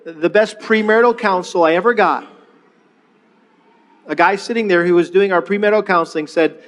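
Pastor, male, middle-aged: a high, talky sermon voice full of restarts and call-and-response, recorded in a big reverberant sanctuary. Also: a little fast, long pauses. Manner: leads the congregation in call-and-response repetition; conversational, with frequent restarts and rhetorical questions. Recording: long reverb of a large hall.

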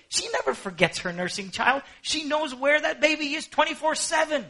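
High bright-voiced husky preacher man. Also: fairly quick, hardly any pauses. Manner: animated preaching, swinging between hushed and emphatic. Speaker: pastor. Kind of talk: sermon.

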